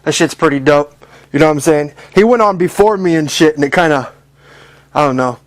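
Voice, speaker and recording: A man's voice: a little high, fairly quick, no room sound. A man who has just competed in a talent show, talking casually and loosely with plenty of filler phrases. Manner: laid-back, slangy, full of filler phrases. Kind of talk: casual talk after a performance.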